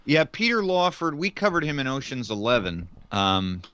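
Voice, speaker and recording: Bright-toned man, slightly lo-fi. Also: medium pitch, big pitch swings, moderate pace, clear, resonant tone. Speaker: podcast co-host. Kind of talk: casual film podcast chat.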